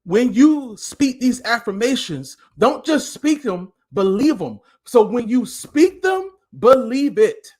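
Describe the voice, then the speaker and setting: A man's voice: very high-pitched, big pitch swings, takes it slowly, few pauses. Passionate man giving a motivational talk. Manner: passionate, preaching cadence, at times loud. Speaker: motivational speaker and life coach. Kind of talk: live-streamed motivational talk.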